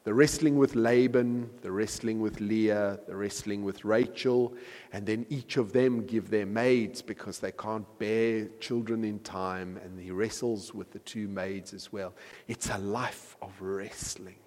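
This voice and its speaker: A man preaching a sermon, retelling a scripture story in a conversational way and correcting himself with quick apologetic asides. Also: fairly low pitch, steady tone, darkish tone, long reverb tail.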